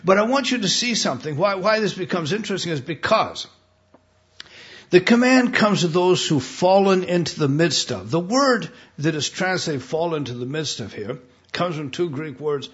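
An American man preaching a sermon, emphatic, repeating himself and putting questions to his listeners. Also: on the high side. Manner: emphatic, repeats words, asks the congregation questions. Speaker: pastor. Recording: dull lo-fi recording.

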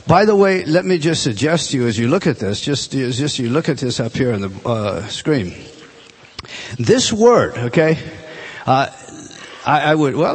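A man teaching a Bible class, emphatic and animated, restarting phrases often as he explains a text. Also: on the high side, slightly rough.

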